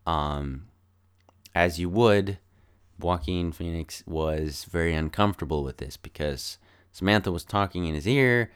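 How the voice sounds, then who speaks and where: A man's voice: low-pitched, clean tone. A man casually recapping a film, rambling and thinking aloud as he goes. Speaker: film reviewer.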